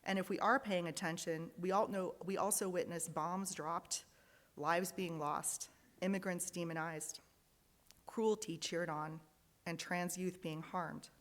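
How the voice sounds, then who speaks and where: A woman's voice: lowish voice, steady tone, unhurried. Earnest woman reading in an echoing hall. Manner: earnest, reading aloud, emotional at times. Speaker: lay worship leader. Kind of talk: reading joys and sorrows in a service. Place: large fellowship hall.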